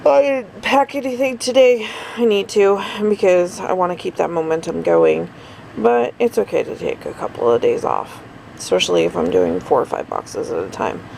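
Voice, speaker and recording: A woman's voice: low voice, gravelly, a little mellow, a little hiss or hum, rough recording. A tired middle-aged woman rambling through a casual daily vlog, full of fillers and asides. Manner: rambling, chatty, lots of fillers. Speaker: vlogger.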